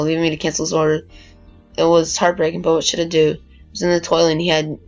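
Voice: medium pitch, highs cut off, lightly acted. A performer voicing an earnest, worried campaign assistant in a cartoon. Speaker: campaign manager.

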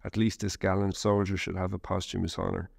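A man narrating a first-person war memoir in a measured, steady reading. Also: low voice, vocal fry, slightly rough, no room sound, clean studio sound.

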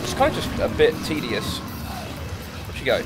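A man's voice: medium pitch, huge pitch swings, normal speed, over loud music. A man casually commenting on his gameplay, sarcastic, easily annoyed and swearing a lot. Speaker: let's play gamer.

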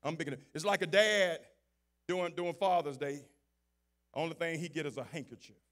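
A man preaching a sermon as pastor, moving from low, conversational talk to shouted, fervent preaching. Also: normal speed.

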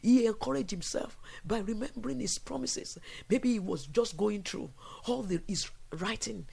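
Gravelly fervent male preacher. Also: high-pitched, normal speed, a little mellow. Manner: fervent preaching with call-and-response, breaks into song. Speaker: preacher leading a prayer vigil. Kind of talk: sermon.

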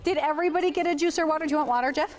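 A woman's voice: high voice, rapid-fire, a little hiss or hum. A woman teaching a baby sign language class indoors, cheerfully coaxing and praising toddlers and chatting with their parents. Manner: upbeat, coaxing and praising little children. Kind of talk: leading a toddler signing class.

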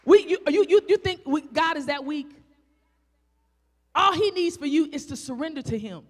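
In an echoey church sanctuary, a woman with a Southern country twang preaches passionately in a high, animated voice at a moderate pace. Rhetorical questions pile up, she builds to shouting, and she draws out the scripture she reads.

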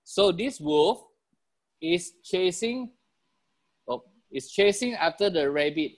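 Animated Malaysian-accented man giving a motivational talk. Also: sits high, slow pace. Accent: Malaysian English. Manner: animated storyteller, chuckles, repeats key phrases. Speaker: motivational business trainer. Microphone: video call.

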